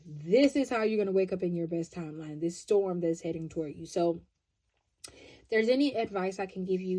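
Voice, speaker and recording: A woman giving a pick-a-card tarot love reading, chatty and expressive, often checking in with "right?". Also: medium pitch, brisk.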